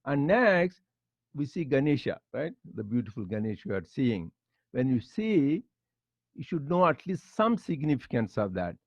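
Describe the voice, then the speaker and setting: A man leading a devotional study circle, explaining Sanskrit verses line by line with halting restarts. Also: medium pitch, very animated, no echo. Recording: dull lo-fi dry recording.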